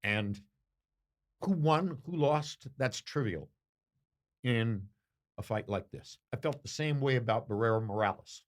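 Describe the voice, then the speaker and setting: An older man, a boxing commentator, answering interview questions with slow, reflective storytelling and emphatic pauses. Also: mid-range voice, animated.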